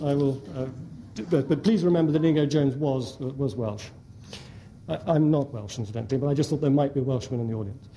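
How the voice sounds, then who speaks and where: Dark-voiced man giving a lecture. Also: mid-range voice, a little hiss or hum. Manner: measured, with frequent hesitant fillers. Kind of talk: academic lecture with slides. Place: lecture hall before an audience.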